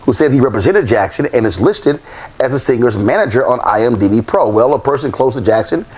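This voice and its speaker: A man with a very lively, swooping voice hosts his show. He reads news reports, then slips into storytelling marked by uh fillers and restarts. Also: medium pitch, fairly quick, slightly rough. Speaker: talk show host.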